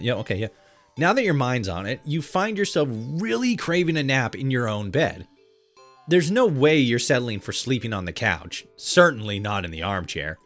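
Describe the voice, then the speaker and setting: Lively-pitched man streaming a game. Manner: reads game text aloud with profane joking asides. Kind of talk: live-streamed game playthrough. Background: faint game music.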